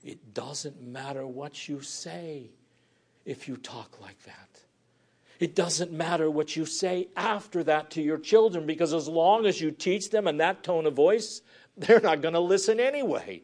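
A pastor delivering a sermon in a somewhat high-pitched voice. His preaching is earnest and dynamic. He often drops to a soft, breathy near-whisper to drive a point home. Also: a little slow.

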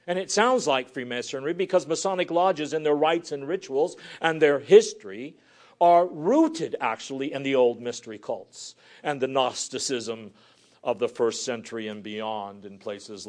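A male pastor preaching a sermon earnestly, swinging from forceful emphasis down to hushed, near-whispered lines. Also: mid-range voice.

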